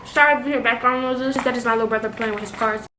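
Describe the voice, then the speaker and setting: A woman's voice: on the high side, steady tone, fast talker. A young woman vlogger chatting casually through a storytime while eating at home, rambling with lots of fillers. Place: home bedroom, little brother playing nearby. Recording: echoey room with faint noise.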